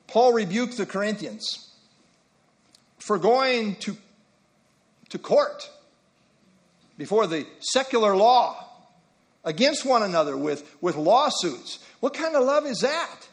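A male pastor preaching a sermon in a conversational way, with folksy asides and slow, deliberate scripture reading. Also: high-pitched, big pitch swings.

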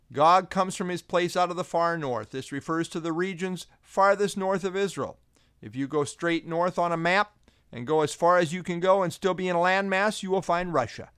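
A man giving a scripted Bible teaching, deliberate and emphatic, slowing down to stress key phrases. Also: on the high side, a bit bright, clear, resonant tone, no echo, clean studio sound.

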